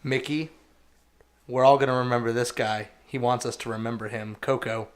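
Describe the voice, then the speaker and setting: A man's voice: mid-range voice, flat delivery, moderate pace. A man co-hosting a casual esports chat, playful and joking as he reads out team rosters. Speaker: co-host.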